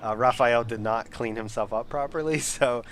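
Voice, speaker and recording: A young man running a tabletop game as game master, narrating in a relaxed, halting way with many fillers. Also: mid-range voice.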